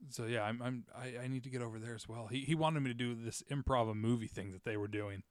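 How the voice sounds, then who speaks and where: A man hosting a podcast in casual chat, talking fast with frequent stammers and restarts. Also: mid-range voice, fairly even intonation, clear, resonant tone, no room sound, studio quality. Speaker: podcast host.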